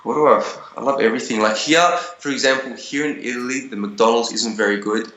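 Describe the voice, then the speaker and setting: A man's voice: medium pitch, fairly even intonation, fairly quick, a bit bright, reverberant, dull audio, a little hiss or hum. A young man being interviewed over a video call, telling stories in a rambling way with many restarts and fillers.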